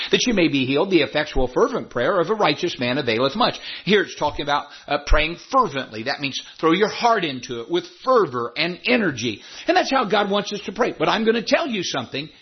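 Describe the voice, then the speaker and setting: A man preaching a sermon as pastor, emphatic, his voice jumping high when he imitates doubters. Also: breathy edge, dull audio.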